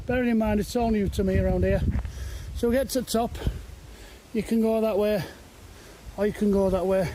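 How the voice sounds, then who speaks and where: A high-pitched man talks casually to his camera while hiking uphill paths outdoors. He rambles and sounds easily amazed, sometimes a little short of breath. Faint outdoor ambience hums behind him. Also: background noise. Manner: walking uphill, at times a bit out of breath. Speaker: walking vlogger. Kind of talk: casual walk-and-talk narration. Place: outdoors on hilly woodland paths.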